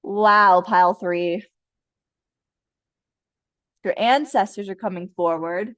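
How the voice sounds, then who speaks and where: A woman's voice: medium pitch, takes it slowly, fairly bright tone, no echo. A woman in her thirties doing a casual tarot card reading for viewers, talking in a playful way and joking and swearing as she goes. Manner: chatty and playful, jokes, laughs and swears often.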